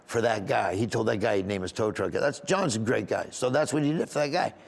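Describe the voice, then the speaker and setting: Being interviewed, a comedian tells a story earnestly in a fairly low, creaky voice at a brisk pace. He rambles, restarts often, and gets openly emotional.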